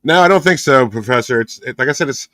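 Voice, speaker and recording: A man's voice: mid-range voice, animated, fast talker, pushed and bright, dry recording. A man co-hosting a casual podcast, rambling with many restarts and chuckles. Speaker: podcast co-host. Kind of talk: casual chat.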